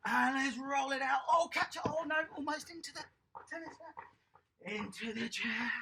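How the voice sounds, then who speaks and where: A toddler tennis coach leading a lively online lesson for small children, upbeat and encouraging, praising each child by name. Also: high voice, moderate pace, vocal fry, noisy background.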